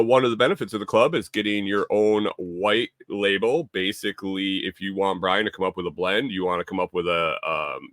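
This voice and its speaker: Man, livestream host, casual chat, low voice, bright and punchy, dry close sound. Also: no room sound. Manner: rambling, repeats himself, casual swearing; reads viewer chat aloud. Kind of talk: casual live-stream chat.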